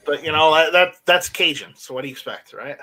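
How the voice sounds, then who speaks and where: A man's voice: on the high side, lively intonation, sharp tone. A man co-hosting a casual livestream, reading viewer comments aloud and tossing in teasing jokes. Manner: joking, teasing, quick asides. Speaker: co-host reading viewer chat.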